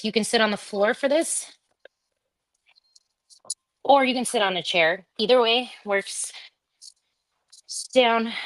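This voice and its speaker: Leading a live workout class from home, a female fitness instructor counts reps, cues breathing in a chatty manner, and talks to her dog on the side. Her voice sits on the high side with a fairly bright tone.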